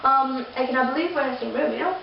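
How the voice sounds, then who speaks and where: Racing along in a high voice with vocal fry, a young woman tells a casual story to her camera, gushing, restarting and leaning on fillers. Her audio sounds distant, heavily echoey and dull, with a faint noise under the lo-fi recording.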